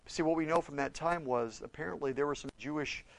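An Oklahoma pastor or Bible teacher delivers a conversational sermon in an animated, emphatic way, questioning listeners directly and getting loud on key points. His voice is a little high, fairly quick and creaky, and he talks informally, with fillers and restarts. The recording is dry.

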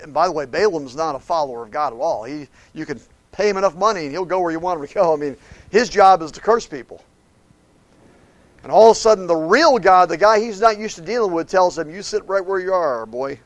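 A man preaching a sermon, retelling a Bible story with lively voices for each character. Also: fairly high pitch, a little fast, no echo.

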